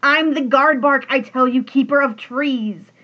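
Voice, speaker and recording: A woman's voice: high-pitched, a little slow, lo-fi sound. A woman reading a storybook aloud and voicing an angry male tree-guardian creature who speaks with a whisky wheeze. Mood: raving. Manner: loud, ranting.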